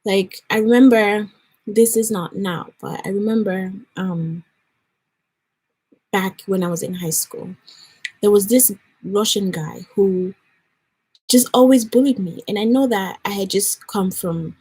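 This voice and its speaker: Young woman, husky voice, earnest casual vlog chat, story-telling. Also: mid-range voice, unhurried, dark tone. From Nigeria. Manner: earnest, storytelling, lots of likes and restarts. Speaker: vlogger. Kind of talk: casual chat while getting ready.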